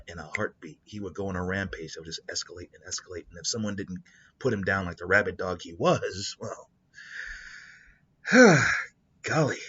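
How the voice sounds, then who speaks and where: A man rambles through a story idea as host, often restarting his sentences. His voice is low and husky. The sound is dull and lo-fi. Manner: rambling, animated, with many restarts. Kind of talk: casual spoken storytelling.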